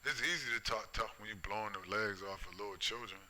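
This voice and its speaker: A middle-aged man delivers a preachy, profane rant with a low but cutting, sharp-edged voice. He circles back to the same phrases and keeps pressing the listener with tag questions. The talk is loose and unscripted. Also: fast, rough recording. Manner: profane, repetitive, keeps asking "right?" and "you see?". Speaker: vlogger. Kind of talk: preachy ranting monologue.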